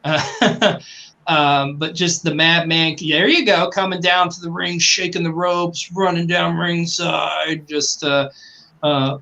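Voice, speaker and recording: A man's voice: a little high, steady tone, slow pace, gravelly, sharp tone. A man co-hosting a podcast, chatting casually and enthusiastically, rambling with fillers and swearing now and then. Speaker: podcast co-host. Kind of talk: casual chat.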